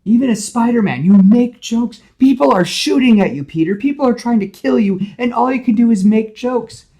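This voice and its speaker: A man voicing a young woman, an emotional girlfriend, in a retold movie pitch, pleading and frustrated. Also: fairly quick, close to an everyday voice. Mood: upset. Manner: pleading then shouting in frustration.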